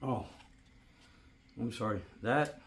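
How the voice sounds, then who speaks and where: A man's voice: medium pitch, slow pace, slight background noise. A casual, chatty man with a mid-range voice talks to his viewers while cooking and tasting at home. He murmurs over each bite and apologizes for fiddling with the cameras. Faint room ambience sits behind his phone-recorded voice. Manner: relaxed, chatty, savoring food with murmurs and apologies. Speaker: DIY channel host. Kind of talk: casual cooking vlog chat. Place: home kitchen by a woodstove.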